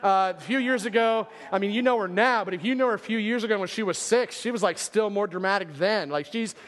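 A man's voice: high voice, a little fast, fairly bright tone. A man in his thirties preaching a sermon, telling a story in a casual, rambling way full of filler words. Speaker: pastor. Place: church sanctuary. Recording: long church hall reverb.

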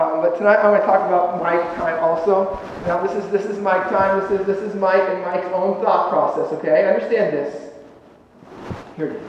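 A male pastor with a very high voice preaches in a big church hall, heard from a distance. His delivery is animated and a little sarcastic, jumping from loud bursts to hushed asides. The sound is dull and muffled, with a long ringing reverb behind every word. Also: slight background noise. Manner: animated, sarcastic, with sudden loud and quiet swings. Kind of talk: sermon. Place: church sanctuary. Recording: echoey hall recording from far off, dull sound.

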